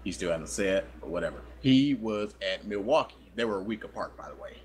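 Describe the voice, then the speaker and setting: A man's voice: fairly low pitch, expressive, a little fast, darkish tone. A young man co-hosting a podcast, telling a rambling, self-deprecating story in casual chat. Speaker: podcast co-host.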